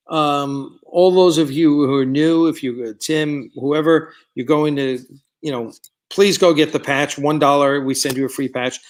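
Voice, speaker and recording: Rambling man chatting on a live stream. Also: fairly high pitch. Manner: rambling, many fillers, reads viewer comments aloud. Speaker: producer hosting a live stream. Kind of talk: casual live-stream chat with viewers. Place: studio set of a starship bridge.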